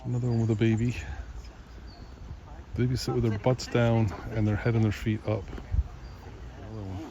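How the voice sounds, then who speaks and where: A man's voice: medium pitch, flat delivery, moderate pace, dull audio. A recently retired man in his sixties, chatting upbeat and self-deprecating as he narrates his travels on a handheld camera outdoors. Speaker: travel vlogger. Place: outdoors on a road trip and boat tour. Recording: loud outdoor wind and vehicle noise.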